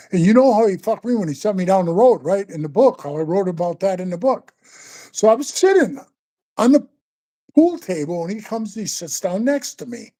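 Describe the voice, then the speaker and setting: An older man tells a long story in an easy, profane ramble, stopping often to call the listener bro. His voice has a dark, relaxed tone. It sounds like an unscripted sit-down interview. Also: high voice. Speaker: interview guest, former biker club member.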